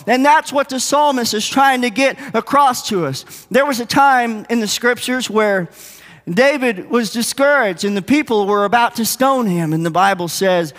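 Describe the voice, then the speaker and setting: Male preacher, very high voice, call-and-response sermon, church reverb. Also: fairly bright tone. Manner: preaching with call-and-response, drawn-out emphatic quotes. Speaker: pastor. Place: church hall. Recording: long hall reverb.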